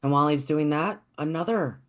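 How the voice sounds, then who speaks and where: A storyteller telling a folktale in a gentle, reflective, unhurried way. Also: medium pitch.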